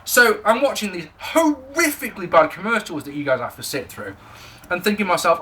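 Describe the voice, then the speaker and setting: A man's voice: sits high, very animated, brisk, bright, forceful tone, slight background noise. A man with an English accent giving a casual, sweary, ranting review of a wrestling show. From England.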